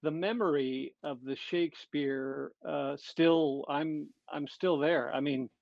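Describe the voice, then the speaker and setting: A middle-aged man with a Canadian accent, a comedian talking casually in an interview and pausing often with fillers and restarts. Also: fairly high pitch, steady tone, creaky, darkish tone, no echo. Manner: halting, with many fillers and restarts. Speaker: comedian guest. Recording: dull lo-fi dry sound.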